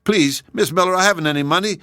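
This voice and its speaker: A man's voice: sits high, fast talker, pushed and bright, clear, resonant tone, dry recording, studio quality, voice pushed up. A man voicing a mischievous young boy who whines and pleads. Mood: pleading. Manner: whining, pleading.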